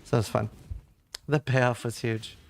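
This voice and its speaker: A man's voice: mid-range voice, fairly even intonation, a little slow, creaky. A Norwegian man, a streamer, rambling through a casual anecdote with lots of filler words while gaming at a desk mic. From Norway.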